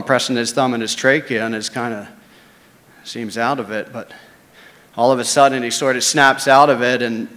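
A man's voice: medium pitch, a bit bright. Guy telling a wild story, casual n a bit salty, mid voice, long hall reverb. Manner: casual, conversational, with swearing. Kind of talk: first-person spoken story.

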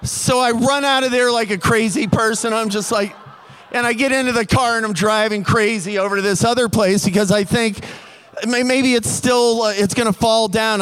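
A man telling a comic personal story in an animated way, building tension. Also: sits high, moderate pace, smooth.

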